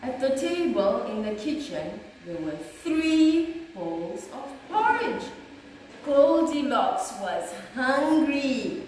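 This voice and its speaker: Slow, animated storybook-reading woman. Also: high-pitched, far from the mic, a little hiss or hum. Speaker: early years teacher. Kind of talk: storybook read-aloud for young children. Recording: echoey room, voice off-mic.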